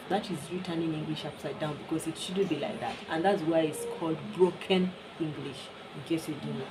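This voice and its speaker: A woman's voice: lowish voice, noisy background. A woman from Kenya with a Kenyan accent, talking frankly and bluntly in a casual vlog monologue. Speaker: vlogger.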